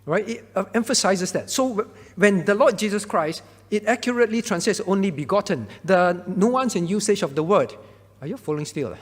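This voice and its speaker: Speaking in a large hall, a pastor with a high voice answers a Bible question for his congregation at a moderate pace. It's a Bible Q&A teaching, and he keeps checking in with "all right?"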